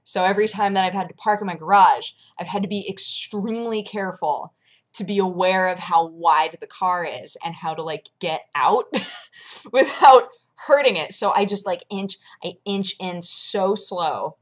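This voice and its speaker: A woman's voice: lowish voice, normal speed. A young woman vlogger chatting casually and telling a story, acting out her own reactions as she goes. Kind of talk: casual chat.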